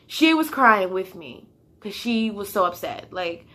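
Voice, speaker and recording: A young woman vlogs a storytime in a casual, slangy way, with plenty of swearing. Her voice is bright and forward, with a fairly typical pitch. She swings from animated outrage to near whispers. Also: a little slow. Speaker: vlogger.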